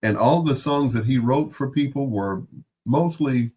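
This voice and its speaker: A man's voice: mid-range voice, a little slow, a little mellow, slightly rough. A man hosting a late-night music show, talking casually and unhurriedly as he runs through long lists of names. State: out of breath. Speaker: radio host.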